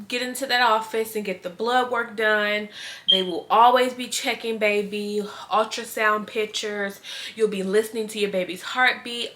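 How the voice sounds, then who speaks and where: Bright-voiced young woman vlogger, heartfelt. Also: mid-range voice. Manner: earnest, heartfelt, tearful at times. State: pregnant. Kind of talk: casual chat to camera.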